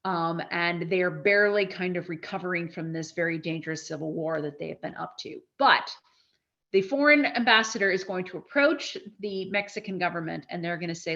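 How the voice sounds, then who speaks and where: A woman giving a spoken history lecture, telling events as a lively story with restarts and asides. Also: lowish voice, a little fast, highs cut off.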